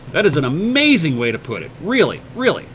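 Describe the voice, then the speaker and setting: A man's voice: fairly high pitch, a bit bright, a little hiss or hum. A man hosting a casual livestream, answering viewer comments with blunt motivational advice, swearing casually and stumbling over repeated words as he starts sentences. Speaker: livestream host.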